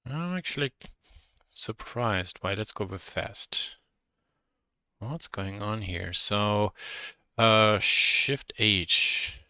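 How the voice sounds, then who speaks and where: A man with a German accent teaching a software modeling lesson, thinking aloud and correcting himself as he works. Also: on the low side, very slow, pauses often, clean tone, dry recording, clean studio sound. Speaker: instructor.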